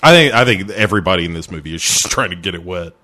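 A man co-hosting a casual movie chat, making wry, sarcastic asides and quick impressions of characters. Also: low-pitched, expressive, pushed and bright. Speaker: podcast co-host.

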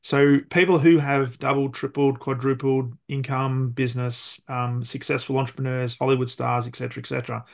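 A man hosting an interview, forming his questions haltingly and repeating words as he thinks. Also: medium pitch, level tone, gravelly. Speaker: podcast host. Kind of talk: interview conversation.

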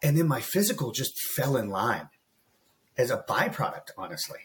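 A man's voice: mid-range voice, big pitch swings, normal speed, slight background noise. A man around forty, a guest coach on a podcast, telling a personal story in an earnest, emotional way and calling the host bro. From United States. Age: about 40. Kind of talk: candid podcast interview.

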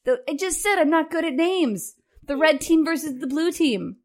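A woman's voice: sits high, expressive, moderate pace. A woman co-hosting a casual gaming podcast, playful and teasing, swearing freely as she chats. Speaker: podcast co-host.

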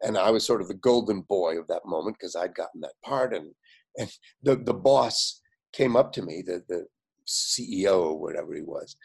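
An older man, a guest, telling anecdotes in an animated way, acting out other people's lines and often laughing. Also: deep voice, normal speed, gravelly, husky. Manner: animated storyteller, quotes others in lively voices, frequent fillers and laughs. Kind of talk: anecdotal storytelling.

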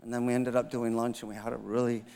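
A pastor in his fifties delivers a sermon in a medium-pitched voice. He tells a personal story with self-mocking humor and acts out the dialogue. His voice carries a long reverb from a large church hall. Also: flat delivery, fast talker, vocal fry, warm tone, clear, resonant tone. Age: 50s.

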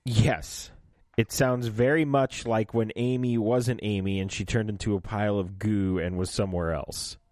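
Man, podcast co-host, casual recap chat, lowish voice, dry close mic, playful. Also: normal speed, no room sound. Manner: animated, slips into goofy voices when retelling scenes.

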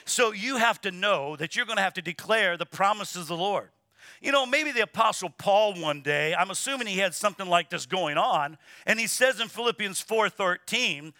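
A man with a high, piercingly bright voice preaches a sermon to his church. He presses his points hard and repeats words for weight, calling the congregation to say things back. The sound is close and dry, with no room around it. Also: lively intonation, normal speed, no room sound. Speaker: pastor. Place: church sanctuary.

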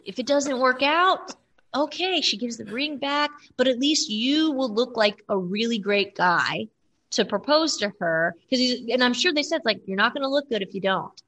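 A woman co-hosting a casual chat, animated and talking in quick bursts with many restarts. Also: on the high side. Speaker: podcast co-host. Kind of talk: casual chat about reality TV.

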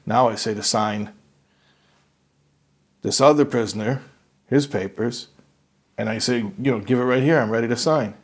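A man voicing a stern, menacing prison camp commander in a retold story, with a husky voice. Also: medium pitch, moderate pace, pauses often. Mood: baffled.

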